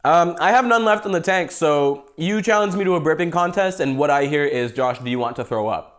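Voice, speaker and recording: A man's voice: fairly high pitch, expressive, fairly quick. Young Canadian man, loose joking host, talks through his food. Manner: rambling, joking, eating while talking. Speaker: podcast host. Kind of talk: casual livestream chat.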